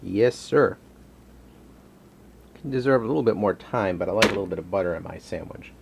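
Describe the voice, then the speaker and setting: A man's voice: deep voice, brisk, vocal fry, long pauses, a little hiss or hum. Rambling, joking man in a kitchen. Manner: rambling, joking, talks to his dog. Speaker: home cooking vlogger. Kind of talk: casual cooking vlog. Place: home kitchen.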